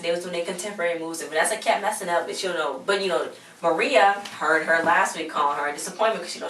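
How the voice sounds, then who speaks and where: A woman's voice: on the low side, a bit bright, slight background noise. A woman casually recapping a TV episode, chatty and rambling, acting out the characters' lines. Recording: echoey room, far from mic.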